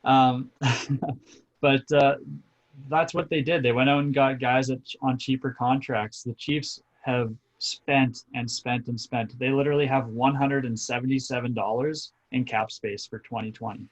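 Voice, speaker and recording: A man's voice: mid-range voice, fairly even intonation, a little slow. A man co-hosting a sports podcast, speaking hesitantly with many fillers before stating his view bluntly. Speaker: podcast co-host. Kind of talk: casual sports chat.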